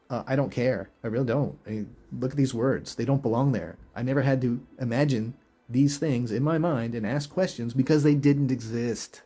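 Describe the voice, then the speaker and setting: A man's voice: medium pitch, normal speed, warm tone, husky. A man hosting a video, reading verses aloud and reacting with incredulous, chuckling rhetorical questions in casual commentary. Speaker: video host.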